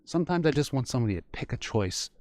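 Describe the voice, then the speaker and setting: A man speaking as a panel guest in a relaxed, conversational way, telling personal stories. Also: medium pitch, fast, no echo. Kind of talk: casual panel debate.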